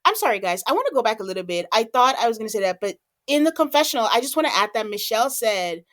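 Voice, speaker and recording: Podcast host, woman, higher pitch, chatty, quotes people in voices and laughs a lot. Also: fast talker, few pauses. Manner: animated storytelling, acting out quotes, laughs often. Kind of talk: casual reality TV recap chat.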